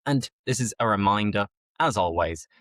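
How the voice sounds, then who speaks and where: A man's voice: fairly low pitch, animated, a bit bright, no room sound. A man with a Yorkshire accent, teaching vocabulary on a podcast and stretching out key words so learners can catch them. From northern England. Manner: slow, clearly enunciated teaching with drawn-out key words. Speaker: English teacher. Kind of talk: podcast lesson.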